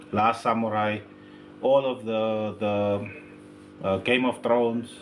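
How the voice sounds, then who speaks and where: A man who runs a speaker repair shop, talking casually to the camera in his workshop with lots of slang and frequent throat clearing. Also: lowish voice, slight background noise.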